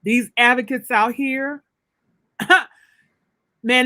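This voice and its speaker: A woman's voice: medium pitch, expressive, a little slow, fairly bright tone, dry recording. A woman author being interviewed, telling her story in an emphatic, preacherly way with big swings of energy. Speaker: author, guest. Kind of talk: casual livestream interview.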